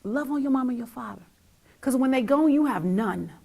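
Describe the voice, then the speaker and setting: A gravelly, high-pitched voice moves at a quick pace as this middle-aged talk show host delivers an emotional monologue. She swings between loud and nearly whispered, repeating lines for emphasis.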